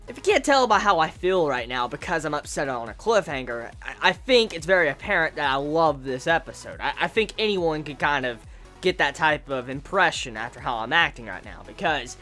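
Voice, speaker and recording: A woman giving a casual anime review, excitable and profane, ranting in bursts. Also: deep voice.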